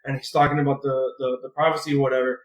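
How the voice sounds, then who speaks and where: In a roomy, echoey room, a podcast co-host recaps a comic very fast, his medium-pitched voice staying level. The recap is rambling and thick with fillers, and he swears freely.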